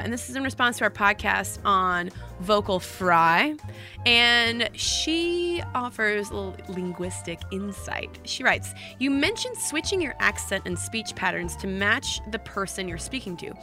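A woman's voice: mid-range voice, sing-song, unhurried, over music. A woman co-hosting a podcast, reading listener emails aloud in a chatty, easygoing way. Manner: chatty, laughs easily. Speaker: podcast co-host. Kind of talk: casual chat, reading listener mail.

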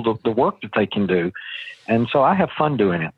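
Over a tinny phone line with no echo, a middle-aged man with a lowish, husky voice and lively intonation talks at a normal speed. He's a real estate investor guest in a casual interview, chatty and folksy, frequently restarting sentences as he tells stories.

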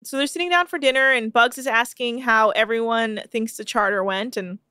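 A woman's voice: a little high, steady tone, sharp tone, clear, resonant tone, no room sound, studio quality. A woman co-hosting a podcast, recapping a reality show in casual, sarcastic, swearing chat. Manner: sarcastic, quick, swears freely. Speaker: podcast co-host.

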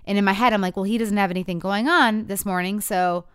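A woman's voice: medium pitch, fast, clear, resonant tone, no echo, clean studio sound. A woman in her thirties telling a couple's story in candid chat, acting out the quotes as she goes. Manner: animated storytelling with voiced quotes.

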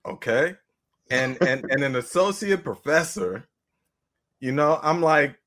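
A man hosting a sports talk show, measured and rising when excited. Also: fairly high pitch. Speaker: host.

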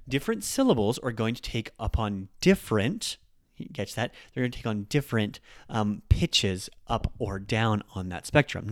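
A man, a native English speaker, hosting a casual podcast lesson, chatty and repeating words slowly to show them. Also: on the low side, no echo, clean studio sound. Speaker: podcast host teaching Japanese.

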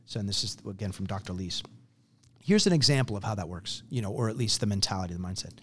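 A man's voice: on the low side, animated, fast talker. Earnest man explaining with stories. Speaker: program founder. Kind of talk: conversational interview.

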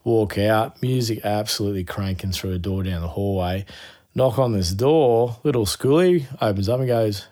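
Australian man, lowish voice, youth worker, casual interview storytelling, animated, slangy. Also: moderate pace. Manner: animated, laughing anecdotes with slang.

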